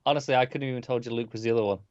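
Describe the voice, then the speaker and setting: A man's voice: medium pitch, fairly even intonation, very fast, darkish tone, dry recording, lo-fi sound. A laid-back man co-hosting a podcast, chiming in casually about movie trailers with short replies. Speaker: podcast co-host.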